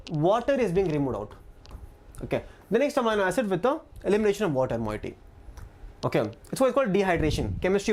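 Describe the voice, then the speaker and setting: A woman's voice: medium pitch, a little mellow. A woman with an Indian English accent teaching a live online biology class, repeating key phrases and asking the chat for doubts, a little out of breath. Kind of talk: live online exam-prep lesson.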